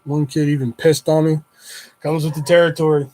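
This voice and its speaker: A man's voice: a little high, flat delivery, brisk, darkish tone. A young man chatting on a livestream, telling rambling stories in a loose, profane way. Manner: profane, rambling, laid-back. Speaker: streamer. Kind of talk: casual livestream storytelling.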